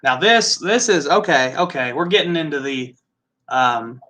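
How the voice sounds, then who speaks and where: A chatty man with a Midwestern American accent hosts a casual live tasting. His voice sits high for a man and has a bright, forward edge. He muses aloud in a loose, easygoing way. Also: expressive, a little slow. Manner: chatty, musing aloud, laughs easily. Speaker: host.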